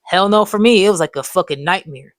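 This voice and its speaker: Casual storytime host in their twenties, slangy and profane, at a middle pitch with no room sound. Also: a little fast, no echo. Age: 20s. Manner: rambling, profane, loose slangy talk. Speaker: vlogger telling life stories.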